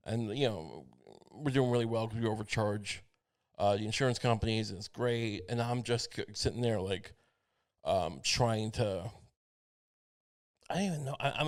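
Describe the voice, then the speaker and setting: A man talks into a podcast mic, riffing on a comic rant in a middle-pitched voice. He rambles and swears, trips over his words and restarts. The tone is loose and unscripted. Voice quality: profane, halting delivery with many restarts. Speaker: podcast host. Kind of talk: rambling comedic monologue. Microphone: podcast microphone.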